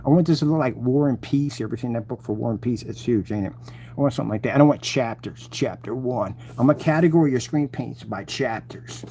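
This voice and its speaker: Gloating man with a mellow voice. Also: mid-range voice, fast, slight background noise. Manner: mocking, gloating and taunting. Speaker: channel host taunting rivals. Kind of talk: rambling live-stream rant.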